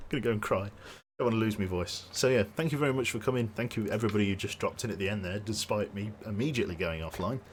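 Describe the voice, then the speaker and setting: This streamer from Birmingham talks fast in a lowish voice with a Brummie accent, with slight background noise behind him. Wrapping up his stream, he's rambling and self-interrupting, chuckling a lot while his tired voice strains close to failing.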